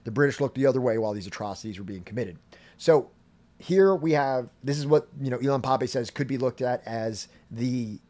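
A man's voice: medium pitch, brisk, mellow. A man hosting a history podcast, reading passages and then explaining them in loose, filler-heavy talk. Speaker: podcast host. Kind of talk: casual history podcast commentary.

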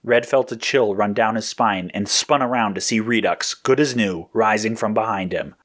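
Low-voiced man narrating a story. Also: moderate pace.

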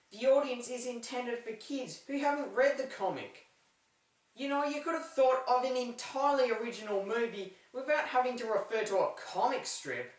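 A woman giving a comedic, opinionated movie review with sarcastic deadpan asides. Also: a little high. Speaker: film reviewer. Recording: roomy echo, distant from the mic.

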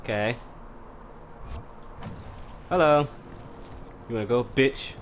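A young man casually commenting while playing a fighting game, trash-talking opponents and shouting battle cries. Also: mid-range voice, lively intonation, moderate pace, a little hiss or hum. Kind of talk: casual let's-play commentary.

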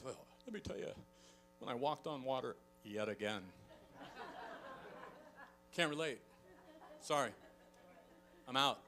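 Middle-aged guy preaching, bright punchy voice, acts out the voices in his stories, soft music behind. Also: fairly high pitch. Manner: animated storytelling, acts out quoted voices, chuckles often. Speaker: pastor. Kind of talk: sermon.

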